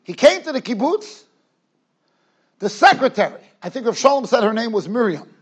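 A man teaches a Torah class in a study hall. His voice sits very high and swoops widely as he goes from emphatic to hushed. He circles back and repeats phrases as he builds each point. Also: big pitch swings, moderate pace, breathy edge, muffled recording. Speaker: rabbi giving a Torah class. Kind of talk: yeshiva lecture.

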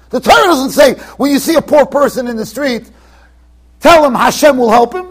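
A rabbi teaching a Torah class in a yeshiva, animated and emphatic, acting out the people he quotes with sudden loud bursts and quiet asides. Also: extremely high pitch, moderate pace, slightly rough. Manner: swings between emphatic and quiet, trailing-off asides. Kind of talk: Torah lecture to students. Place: yeshiva study hall.

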